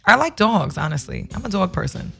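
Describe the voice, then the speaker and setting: A woman guest on a casual radio chat, talking in a quick, chatty, playfully teasing way. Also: on the low side, big pitch swings, vocal fry, a bit bright, breathy edge, faint music behind.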